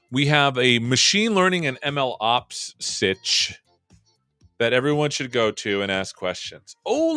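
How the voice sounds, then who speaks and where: Lively bright-voiced guy hosting a live tech stream, joking around, lots of ums. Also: mid-range voice, dry recording. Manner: loose, joking, chatty with fillers. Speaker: show host. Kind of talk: casual live-stream chat.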